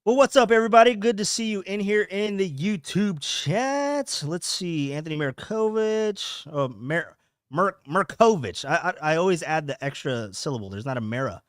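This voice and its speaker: A man's voice: high voice, animated, normal speed, clean tone, no echo. Young guy rambling on a podcast livestream, lots of restarts, dry close sound. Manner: rambling, repeats words, reads chat comments aloud. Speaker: podcast host. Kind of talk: casual livestream chat. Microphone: home streaming setup.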